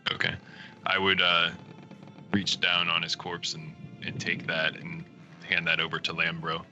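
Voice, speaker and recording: Very deep-voiced guy at a tabletop game, calm and polite, music clearly behind him. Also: unhurried. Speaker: player.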